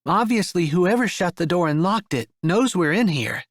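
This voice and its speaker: Guy doing a breathy whispery grown woman, voice pitched way up and lively, sounds a bit off from his usual tone. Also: moderate pace, dry recording, clean studio sound. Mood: whispering, amused. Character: soft-spoken adult woman, a farm-country mother.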